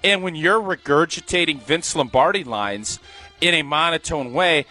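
A man co-hosting a sports radio show, talking in a bright, fairly high voice. He is opinionated and animated and laughs often, with faint music in the background. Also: moderate pace. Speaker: radio co-host and former football player. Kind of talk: casual sports talk.

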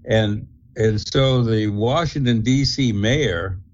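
A man's voice: lowish voice, a little mellow. Man doing opinion commentary on talk radio, lots of uh's, kinda muffled sound. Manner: halting, with many fillers. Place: radio studio.

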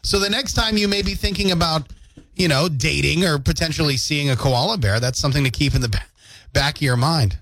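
A man with a fairly high, bright voice talks a little quickly over slight background noise. He hosts a morning radio show from a studio mic, joking playfully and reading listener comments and news updates aloud.

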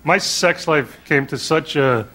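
A man from New York doing a stand-up routine in a deadpan, self-mocking manner, heard in an old recording with a loud crowd and noise. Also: a little high, slow. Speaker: stand-up comedian.

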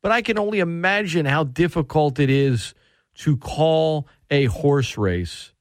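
A man hosting sports talk radio, excitable and animated, often restarting his sentences. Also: fairly high pitch, a little slow, no echo, studio quality.

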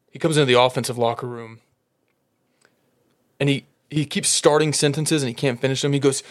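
A man telling animated football stories in casual chat, laughing often. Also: medium pitch, a little fast.

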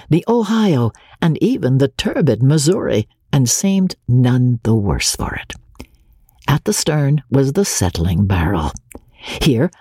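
An audiobook narrator gives an expressive, scripted literary reading, storytelling in a husky, lively male voice of medium pitch. The sound is clean studio audio with no echo.

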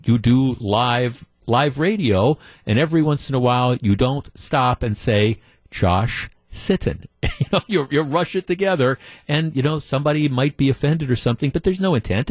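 A man's voice: medium pitch, a little mellow, no echo. Male radio talk host, conversational and opinionated, close dry studio mic.

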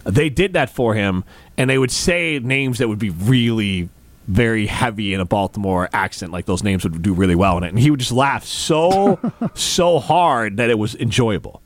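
A man's voice: on the low side, animated, moderate pace, no room sound. A man hosting a sports radio show, chatting casually, teasing and rambling in studio banter. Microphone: studio microphone.

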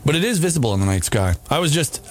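A man's voice: on the high side, very animated, rapid-fire. A man hosting a morning radio show, chatting casually and rambling with restarts and laughs, in a groggy morning voice.

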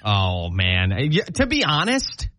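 A man's voice: fairly low pitch, wildly swooping pitch, a little slow, sharp tone, no room sound. A man co-hosting a morning radio show, bantering playfully and laughing often. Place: radio studio.

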